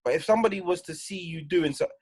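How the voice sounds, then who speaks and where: A man speaks with animated conviction in a casual podcast conversation. His voice sits somewhat high for a man. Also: quick pace, slightly rough. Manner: animated, firm advice. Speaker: DJ guest.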